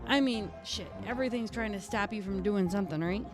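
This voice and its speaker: A woman's voice: medium pitch, brisk, faint music behind, natural voice. A woman playing a brash, foul-mouthed redcap fae, a tough mechanic, who chats in character on a live stream with a New York-ish accent and rambling, streetwise talk. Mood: gruff banter.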